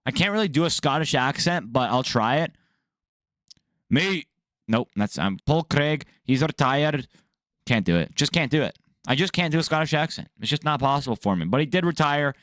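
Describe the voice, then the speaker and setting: This young MMA news host talks quickly at a medium pitch, captured in clean studio sound with no echo. He rants casually and animatedly, swearing freely and giving his blunt opinions.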